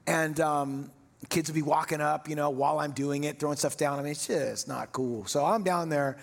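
A man preaching from the pulpit, telling a story with self-mocking humor and laughter. His voice sits a little high and has a husky edge. It rings out with the long reverb of a big hall. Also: steady tone, moderate pace. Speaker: pastor. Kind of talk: sermon.

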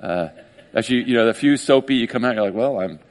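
A male pastor delivering a sermon in a relaxed, conversational way. He gets animated as he talks and slips into quick acted-out voices to make his points. His voice sits at an ordinary middle pitch.

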